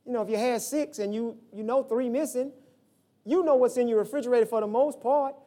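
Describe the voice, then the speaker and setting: A man preaching a sermon as pastor, telling stories and acting out the voices in them, swinging from shouts to low asides. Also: fairly quick.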